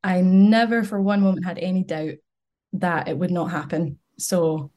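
Bubbly young woman guest, mellow voice. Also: on the low side, moderate pace. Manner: chatty, bubbly, laughs often. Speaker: podcast guest. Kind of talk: casual podcast chat.

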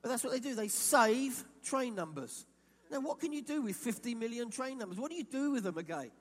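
A man from England preaching a sermon, animated and quoting imagined voices as he speaks. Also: very high-pitched, fairly quick, long reverb tail. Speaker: pastor.

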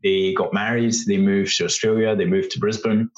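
A man's voice: fairly low pitch, level tone, normal speed, dull audio. A man in his thirties with a Scottish accent, chatting casually as an interview guest. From Scotland.

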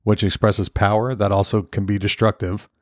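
Rambling low-voiced man podcasting solo. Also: little pitch movement, moderate pace, no echo, clean studio sound. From United States. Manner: rambling, profane, repeats words. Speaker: podcast host.

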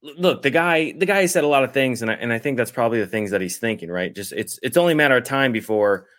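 A man's voice: medium pitch, animated, fast, fairly bright tone. A man co-hosting a podcast, telling meandering stories in casual political chat. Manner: rambling, meandering storyteller. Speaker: podcast co-host.

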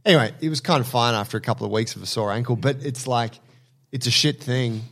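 Aussie bloke, laid-back podcast chat, lots of ums and restarts, middle pitch. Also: male voice, fast talker, vocal fry. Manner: relaxed, hesitant, with many restarts and fillers. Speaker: podcast co-host.

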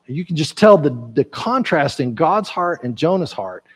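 A man's voice: fairly high pitch, sing-song, moderate pace, slightly rough. A man preaching a conversational sermon in a folksy way, repeating words and using lots of fillers. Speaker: pastor. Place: church sanctuary.

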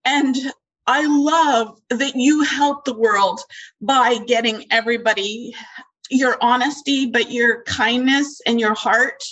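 A woman speaks over a slightly muffled, dull call line, her voice a little high. She is emotional and close to tears, and she halts often with fillers as she pours out her thanks. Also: a bit bright. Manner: heartfelt, halting, many fillers. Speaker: audience member on a call. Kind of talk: emotional personal testimony.

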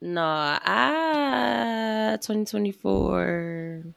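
A woman co-hosts a casual podcast. Her voice is bright and slightly gravelly, with a lively swing in pitch. The recording is dry and close. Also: no room sound. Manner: expressive, with quick affirmations and laughter. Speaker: podcast co-host. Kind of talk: casual chat.

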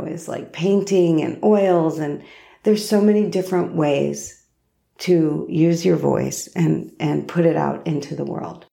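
Gravelly low-voiced woman podcaster. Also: warm tone. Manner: storytelling, unhurried and personal. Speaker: podcast host. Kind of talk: reflective solo podcast monologue.

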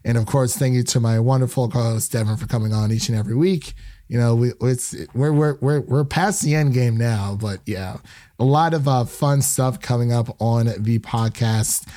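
A man's voice: mid-range voice, moderate pace, mellow, no echo, clean studio sound. A young man hosting a casual review podcast, rambling with lots of fillers. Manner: rambling, heavy use of fillers like "um" and "you know". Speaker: podcast host.

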